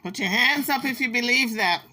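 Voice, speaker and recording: A woman's voice: fairly high pitch, normal speed, pushed and bright. A woman hosting a commentary channel, talking back to clips in a sassy, scolding, teasing way. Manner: sassy, scolding, teasing, talks straight to the clip.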